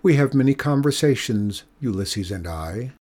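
A wry, good-humored old lighthouse keeper, as a male narrator plays him. He speaks close to the reader's own voice, teasing gently with a sly grin in his words. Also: mid-range voice, lively intonation, moderate pace, breathy edge.

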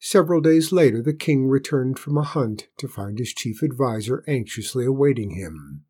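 A man calmly narrating a fairy tale aloud. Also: medium pitch, moderate pace, slightly rough. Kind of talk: storybook narration.

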